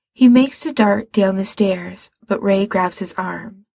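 A woman reading a story aloud as narrator, in an even, measured manner. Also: medium pitch, creaky, no room sound. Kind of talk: reading fan fiction aloud.

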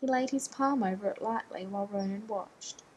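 A woman narrating a story aloud in a measured, even storytelling manner. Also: medium pitch, slight background noise, poor audio. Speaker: audiobook reader.

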